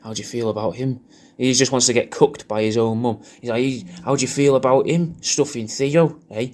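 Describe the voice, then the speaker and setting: A man giving a rambling, crude, jokey birthday shout-out, often repeating himself. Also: medium pitch, steady tone, brisk. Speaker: comedian recording a personalised video message.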